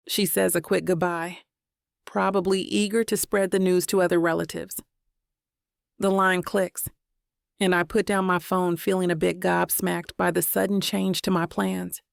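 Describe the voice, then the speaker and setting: A woman reads a first-person romance audiobook with a wry, self-questioning tone. Her voice carries a gravelly rasp, and the recording is dry and close with no room echo. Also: fairly low pitch. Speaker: audiobook narrator.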